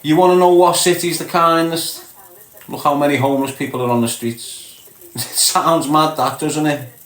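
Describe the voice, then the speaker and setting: A man's voice: on the high side, fairly even intonation, moderate pace, a bit bright. A man with a Scouse accent chatting bluntly to his livestream viewers, calling them lad and mate. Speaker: livestream host. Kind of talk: casual chat to viewers. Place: small box room indoors. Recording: roomy echo.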